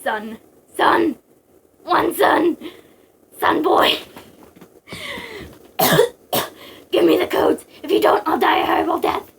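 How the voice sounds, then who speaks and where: A woman's voice: very high voice, lively intonation, slow pace, creaky, long pauses, recorded from a distance, voice pushed up, heavily acted. A woman voicing a desperate, dying old soldier who pleads with his son. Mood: pleading.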